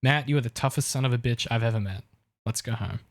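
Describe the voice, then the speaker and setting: Guy doing a gruff old american mentor, cowboy-ish growl, tv drama. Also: medium pitch, fast talker, no room sound, studio quality, natural voice.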